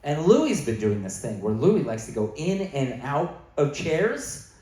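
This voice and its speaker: A man with a Canadian accent, his voice a little high, warm and sing-song, works through a stand-up set at a measured pace. Before an audience in an echoey venue, he tells a long story and voices text messages in different characters.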